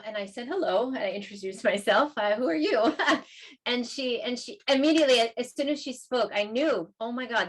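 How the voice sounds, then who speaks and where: A woman's voice: mid-range voice, a bit bright. A woman guest talking casually and with emotion, telling a personal story at length. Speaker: guest, learning center founder. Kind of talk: casual chat.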